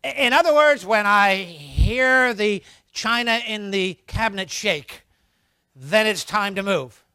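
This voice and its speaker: A middle-aged man giving a humorous sermon on parenting, animated and acting out scolding parents for laughs. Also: high voice, slow, smooth, no echo.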